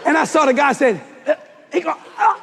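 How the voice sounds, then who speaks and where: A high-pitched, gravelly preacher man tells a story from the pulpit, swinging his voice up and down and bursting into shouts. His voice rings out with a long reverb, as if he were in a large auditorium. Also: a little fast, a little hiss or hum. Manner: animated, shouting in acted-out dialogue. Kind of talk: sermon storytelling. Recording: reverberant hall.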